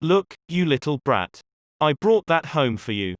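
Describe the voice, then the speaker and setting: A stern father, gruff and scolding, keeps his voice low and pressing, as a male audiobook reader voices him. The sound is close and dry, with no room around it. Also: big pitch swings, measured pace, no room sound. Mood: harsh. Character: stern angry working-class father, adult man.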